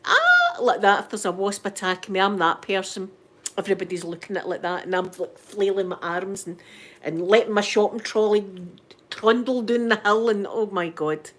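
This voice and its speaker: A middle-aged woman from Scotland hosts a live stream, chatting casually and greeting viewers by name. Her voice sits at a medium pitch with fairly even intonation, and she talks fairly quickly.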